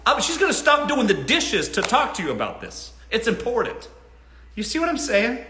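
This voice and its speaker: A blunt, animated man hosts a casual live Q&A and swears freely. His voice is high and bright, and his pitch swings widely. The sound is roomy, with an echo around it. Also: normal speed, a little hiss or hum. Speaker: host.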